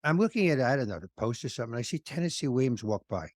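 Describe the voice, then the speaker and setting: Animated man co-hosting a podcast. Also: mid-range voice, rapid-fire, no echo, clean studio sound. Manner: animated storyteller, laughs at himself. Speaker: podcast co-host. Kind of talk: casual interview chat.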